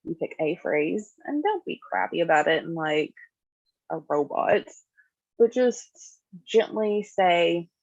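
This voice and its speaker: A woman's voice: on the low side, measured pace, gravelly, no echo. A woman therapist teaching a skills class in a conversational way, acting out example dialogue. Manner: conversational, acts out example dialogue in lively voices. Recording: dull, dry lo-fi recording.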